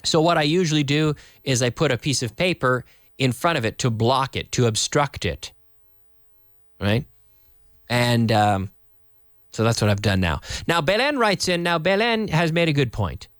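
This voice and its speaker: A man's voice: mid-range voice, moderate pace. A Canadian man teaching English on a live stream, his voice rising and falling a lot as he explains. He restarts and rephrases often and slips into Spanish here and there. The sound is close and dry, with little room echo. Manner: animated, repeats and rephrases, mixes in Spanish. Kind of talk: live-streamed language lesson.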